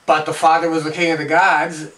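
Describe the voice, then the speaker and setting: Brief: male storyteller with a fairly high voice, playful and punning, miked from a distance. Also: little pitch movement, fairly quick, a bit bright. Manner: playful, punning, rhythmic repetition. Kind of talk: oral storytelling of animal lore and myth. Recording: distant from the mic.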